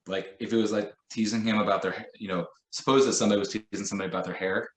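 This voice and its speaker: A man's voice: on the low side, steady tone, rapid-fire, reverberant, low-quality recording. A man training teachers in a conversational way, illustrating points with examples and quoted phrases. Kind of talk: professional development lesson.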